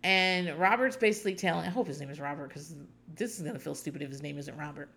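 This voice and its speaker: A woman's voice: deep voice, fast, creaky, fairly bright tone, slight background noise. A woman hosting a podcast, recapping a reality show in casual, rambling chat with sarcastic asides.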